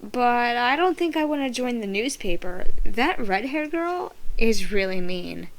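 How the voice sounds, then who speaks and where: A woman voicing a sympathetic new girl at school who speaks softly and plainly. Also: a little high, expressive, measured pace, poor audio. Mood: calm.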